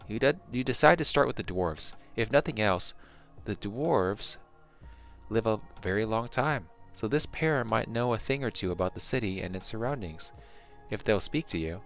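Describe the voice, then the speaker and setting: A man narrating a second-person fantasy adventure in a measured way, with small slips and restarts. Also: fairly low pitch, animated, fairly bright tone, faint music behind.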